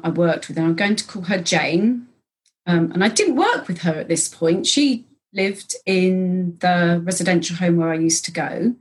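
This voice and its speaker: Woman, massage trainer, husky voice, animated, storytelling. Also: medium pitch. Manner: animated, acts out dialogue. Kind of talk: anecdotal storytelling.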